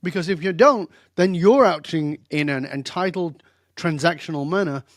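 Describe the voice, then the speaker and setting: A man's voice: a little high, moderate pace, no echo, clean studio sound. An older man telling stories in a direct, emphatic way as a guest in a podcast interview. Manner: direct, emphatic, animated storyteller. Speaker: guest expert.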